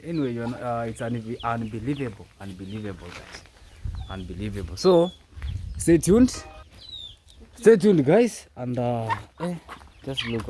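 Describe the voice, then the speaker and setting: A man's voice: medium pitch, background noise. Effusive man vlogging outdoors. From Kenya. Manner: effusive, repeats his words. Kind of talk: casual vlog talk to camera. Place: outdoors at a rural family home. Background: chickens and a rooster.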